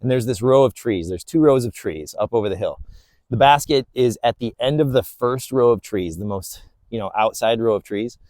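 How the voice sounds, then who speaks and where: A man's voice: mid-range voice, moderate pace, no room sound. Man walking a hilly park course. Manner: relaxed, explanatory, talking to himself between throws. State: out of breath. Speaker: disc golf vlogger. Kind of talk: casual course walkthrough commentary. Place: outdoor park course on hills. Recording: faint wind noise outdoors.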